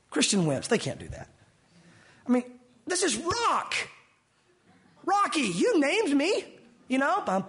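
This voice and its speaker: A man delivering an animated sermon, switching into little voices to act out scenes. His voice sits high and has a husky edge. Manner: animated, acts out dialogue in different voices. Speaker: pastor.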